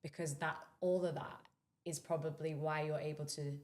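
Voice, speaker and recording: A woman hosts a casual podcast interview in a slightly low voice. She is chatty and encouraging. She keeps affirming what her guest says. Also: fairly even intonation, moderate pace, darkish tone. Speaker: podcast host.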